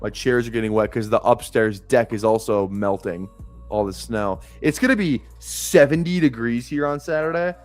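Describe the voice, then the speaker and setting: A man's voice: mid-range voice, normal speed, soft background music. A man streaming fantasy football drafts live, chatting casually in a rambling way, swearing freely and chuckling often.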